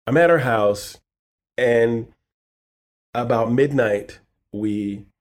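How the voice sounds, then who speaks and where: A man's voice: medium pitch, extremely slow. A middle-aged man, a poet and author, telling a personal story in a podcast interview and acting out the quoted lines. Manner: animated storyteller acting out quotes, softening in sad moments.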